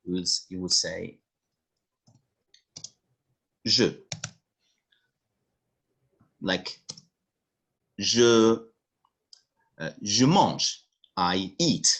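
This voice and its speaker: A man's voice: low voice, a bit bright. A male French teacher giving an online language lesson over a video call, patiently repeating phrases.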